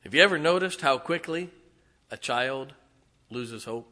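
Folksy preacher man, bright voice. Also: medium pitch, expressive, unhurried. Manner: folksy storytelling, swings from hushed to loud emphatic preaching. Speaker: pastor. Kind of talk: sermon.

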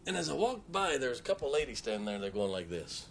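A man's voice: mid-range voice, big pitch swings, a little hiss or hum. Folksy Baptist preacher man, sings hymns. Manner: breaks into hymns and scripture, sung slowly and loudly; storytelling with humor. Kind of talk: folksy sermon.

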